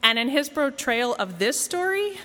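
Woman, sermon, wry and conversational, slightly high voice, long church reverb. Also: big pitch swings, normal speed, bright, forceful tone. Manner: conversational, wry, self-deprecating. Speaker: preacher.

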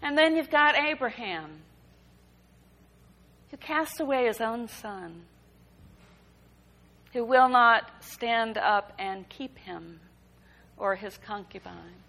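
A woman preaching a sermon, reading scripture and reflecting on it in a measured, emphatic way. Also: on the high side, animated, vocal fry, a bit bright, rough recording. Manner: slow, deliberate preaching with emphatic rises.

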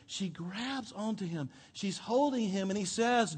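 A male pastor preaching a sermon, telling the story expressively, dropping to a hush and then rising to emphasis. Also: sits high, unhurried, few pauses, breathy edge. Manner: expressive storytelling, swinging between hushed and emphatic. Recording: long hall reverb.

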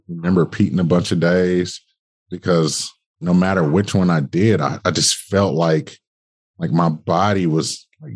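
A man's voice: low-pitched, husky. A young man, a podcast guest, telling his story in a casual, colloquial way, swearing freely and acting out conversations. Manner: animated, colloquial, swearing, acts out dialogue.

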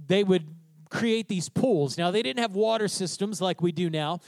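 A man preaching a sermon as pastor, telling the story with lively energy and acting out the quoted lines. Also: sits high, dry recording. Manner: animated storytelling preacher, acts out quotes, asks "tracking?".

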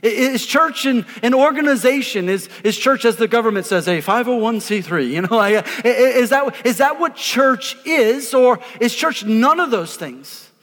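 A man, a pastor preaching an energetic sermon, emphatic and repeating words as he calls on the congregation to answer. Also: extremely high pitch, moderate pace, hardly any pauses. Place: church auditorium before a congregation. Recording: live in a reverberant hall.

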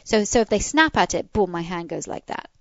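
A woman co-hosting a podcast, chatting casually and explaining how to train a dog, acting out soft commands as she goes. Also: brisk, no room sound, dull audio. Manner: animated, demonstrates commands in a soft low voice.

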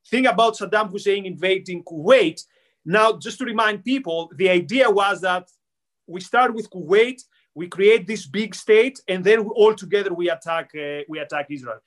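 A man's voice: high-pitched, fairly bright tone. A man co-hosting a political podcast, explaining history insistently with hesitant fillers. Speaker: podcast co-host. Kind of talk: casual political debate.

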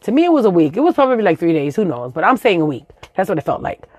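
Animated New woman telling a story. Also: lowish voice, very fast, no echo, studio quality. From Brooklyn, New York. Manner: animated, profane, acts out voices in shrieks. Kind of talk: comic personal storytelling.

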